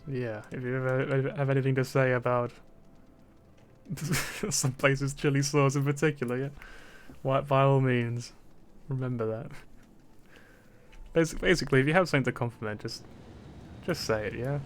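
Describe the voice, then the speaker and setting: A man's voice: medium pitch, fairly even intonation, moderate pace, long pauses. A young man from Britain, streaming and chatting casually, rambling and repeating words, with frequent laughs. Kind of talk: casual chat.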